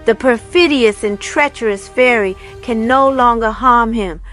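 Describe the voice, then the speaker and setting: A woman's voice: fairly high pitch, unhurried, a bit bright, faint music behind. A woman voicing a stately old female fairy who speaks in a solemn, proclaiming way.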